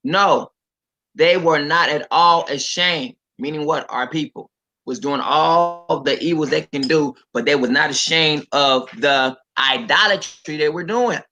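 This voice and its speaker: A man's voice: a little high, unhurried, sharp tone, rough recording. A man preaching casually on a livestream, talking straight to his viewers, reading scripture aloud and commenting on it, with emphatic repetition.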